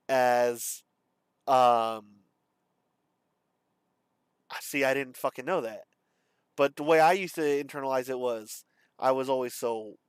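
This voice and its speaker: A young man talking in a personal confessional monologue, halting and profane, full of fillers and restarts. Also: medium pitch, smooth, no room sound. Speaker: vlogger.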